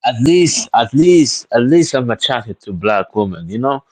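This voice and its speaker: A man's voice: mid-range voice, big pitch swings, unhurried, husky, low-quality recording. A man calling into a live chat, stammering and repeating his words. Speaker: caller. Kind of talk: casual call-in talk.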